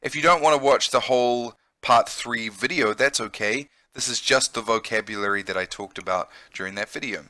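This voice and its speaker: A man's voice: mid-range voice, brisk, few pauses, bright, forceful tone, dry recording. A man who works as an English teacher, giving a vocabulary lesson and explaining patiently, often checking in with "okay?".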